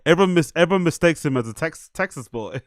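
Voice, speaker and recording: A man's voice: fairly high pitch, animated, quick pace, dry recording, clean studio sound. A man hosting a live stream, reacting casually, swearing freely and repeating himself between laughs.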